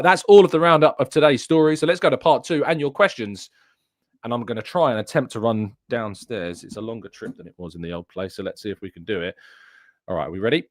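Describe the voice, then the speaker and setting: A man's voice: low-pitched, no echo, clean studio sound. A man hosting a casual live-stream football show, chatting and reading out viewer comments. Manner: chatty, reads live-chat comments aloud. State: out of breath. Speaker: host. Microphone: headset.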